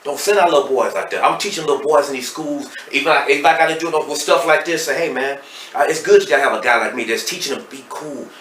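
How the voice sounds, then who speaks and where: A middle-aged man with a Texas accent, speaking as a podcast guest and telling his story candidly and emotionally, swinging between loud and hushed. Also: fairly high pitch, fast, recorded from a distance. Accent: Southern US, Texas. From Dallas, Texas. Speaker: podcast guest, hip hop artist. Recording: roomy echo, off-mic, faint noise.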